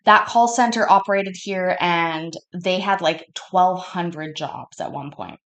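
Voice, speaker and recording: Woman streamer, stoned, lower-pitched; casual and profane, keeps getting sidetracked. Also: takes it slowly, a bit bright. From Canada. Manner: chatty, profane, easily sidetracked. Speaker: streamer reacting to a court show. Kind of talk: casual rambling storytelling.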